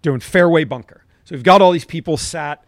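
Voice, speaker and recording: A man's voice: a little high, brisk, dry recording, studio quality. A middle-aged man, a golf coach on a podcast, telling stories emphatically and checking in with "right?". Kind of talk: animated anecdote-telling in conversation.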